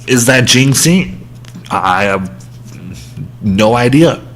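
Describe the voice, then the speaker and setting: A man delivering a heated sports rant as a show host. He talks slowly and drawls his words, and he pokes fun at his own anger. A faint hum runs under the recording. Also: mid-range voice, expressive. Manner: heated ranting with self-aware humor. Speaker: podcast host.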